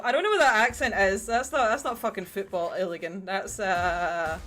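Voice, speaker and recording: A young woman with a medium-pitched, fairly bright voice talks at a moderate pace during a casual livestream chat. Painting miniatures as she goes, she speaks straight to her viewers and swears freely.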